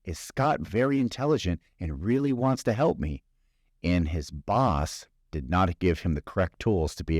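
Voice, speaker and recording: Deep-voiced man giving a motivational talk. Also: darkish tone, no echo, studio quality. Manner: conversational, storytelling, asks rhetorical questions. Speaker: podcast host.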